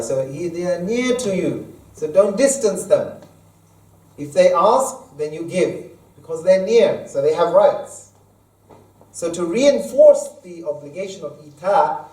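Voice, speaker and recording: In a mosque hall with echoing acoustics and a distant mic, an imam delivers the Friday sermon. His voice is slightly high and dark-toned as he quotes Arabic verses and explains them simply.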